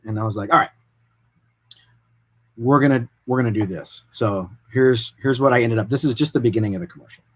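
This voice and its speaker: Male production director, informal and animated, average pitch, telling studio stories. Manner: informal, animated, loose and rambling. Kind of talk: casual explanatory talk.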